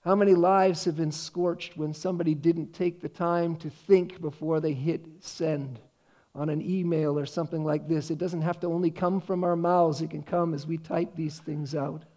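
A man preaching a sermon, earnest, slowing down to read scripture with emphasis. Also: on the high side, a little mellow. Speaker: pastor.

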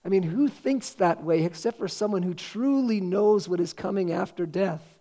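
A man's voice: high-pitched, moderate pace, warm tone. A man preaching a sermon, earnest and quoting scripture with rising emphasis. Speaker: pastor.

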